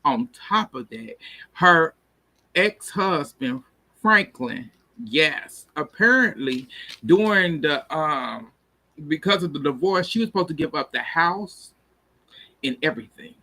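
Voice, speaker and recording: Man, casual episode recap, animated, laughs often, slightly high, forceful bright voice. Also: slow pace. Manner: animated, laughs often while retelling scenes. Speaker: TV episode reviewer.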